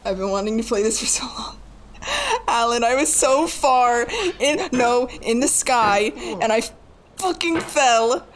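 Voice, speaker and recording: A young woman in her twenties talks slowly while she streams a hard game live. She begs the game, curses quietly and laughs at her own failures. Faint noise sits under her voice. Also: on the high side. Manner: frustrated, pleading and swearing under her breath; self-mocking with bursts of laughter. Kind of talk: live gaming commentary.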